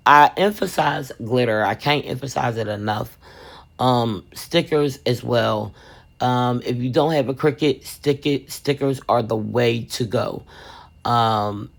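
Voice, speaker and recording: A woman resin craft vlogger telling a funny family story and giving supply tips in a lively, chatty way, calling viewers "baby". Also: rumbling low.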